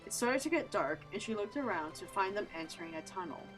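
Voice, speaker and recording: A woman narrating a story in an even, descriptive reading. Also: medium pitch, a little fast, faint music behind, rough recording.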